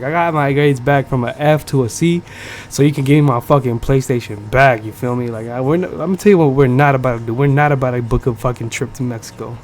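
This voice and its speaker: A man's voice: mid-range voice, darkish tone, a little hiss or hum. Profane young man telling a rambling story. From United States. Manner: profane, slangy, rambling with many fillers. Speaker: podcast host. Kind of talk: casual storytelling. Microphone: streaming setup.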